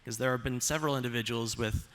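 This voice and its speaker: A man's voice: mid-range voice, steady tone, fast, fairly bright tone. A man delivering a conference keynote speech on stage, upbeat and joking as he speaks straight to the audience.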